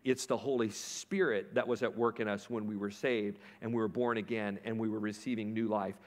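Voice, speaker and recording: A man preaching a sermon as pastor, telling a story and asking the congregation questions. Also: medium pitch.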